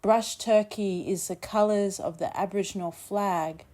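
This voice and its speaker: A woman reads her own children's story aloud at an unhurried pace, gentle and deliberate. Her voice sits in a middle register for a woman and stays steady through each line. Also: mid-range voice. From Australia. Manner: slow, gentle storybook reading. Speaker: children's book author.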